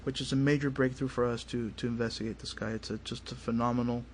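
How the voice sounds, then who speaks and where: A paranormal investigator, a guest in a radio studio, tells his story fast and in a casual, animated way, doing the voices of the family members involved. His pitch is an ordinary mid range, and faint hiss sits beneath him.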